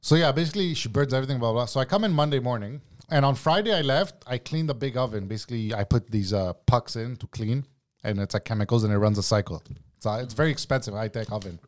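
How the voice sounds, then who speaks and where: A man's voice: medium pitch, fast talker. A man in a casual podcast chat, swearing freely and acting out both sides of an argument. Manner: profane, heated storytelling. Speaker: guest telling a work story.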